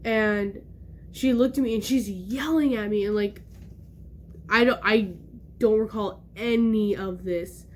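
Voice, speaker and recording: A young woman vlogger telling a personal story in casual talk, animated and acting out the voices she quotes. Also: mid-range voice, unhurried, slight background noise.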